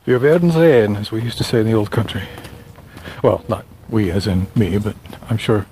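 A man's voice: lowish voice, steady tone, normal speed, a little mellow. A man, a novelist, rambling casually while walking along a town street. He wanders between thoughts, corrects himself often and makes dry asides. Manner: meandering, self-correcting, wry. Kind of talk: casual rambling monologue on a walk. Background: faint traffic.

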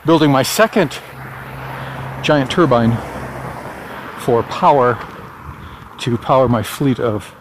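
A middle-aged man chats his way through a morning walk in a loose, meandering vlog style. His voice sits at an ordinary pitch, and he drifts between thoughts with relaxed filler words. A faint outdoor hum runs under the recording. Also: slow, long pauses. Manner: rambling, chatty, with frequent "uh" and chuckles. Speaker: vlogger. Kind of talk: casual walking vlog.

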